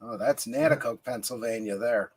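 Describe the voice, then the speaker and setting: A man's voice: medium pitch, normal speed, slightly rough. A man co-hosting a casual podcast, chiming in with dry joking one-liners. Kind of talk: casual chat.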